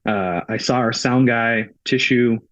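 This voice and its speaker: A man's voice: mid-range voice, unhurried, fairly bright tone, no room sound, dull audio. A man who works on a touring crew, a podcast guest, telling a story casually and retelling the events through many quoted exchanges.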